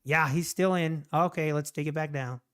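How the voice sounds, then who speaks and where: A man's voice: on the high side, moderate pace, a bit bright, clean tone, natural voice. A man voicing scheming male market makers gossiping on the phone, in a conspiratorial tone.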